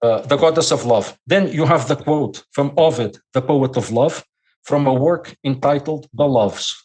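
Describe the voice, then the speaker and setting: A man's voice: mid-range voice, moderate pace, a little mellow, breathy edge. Portuguese-accented man lecturing as a guest. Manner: lecturing, repeats words while thinking. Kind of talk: podcast conversation.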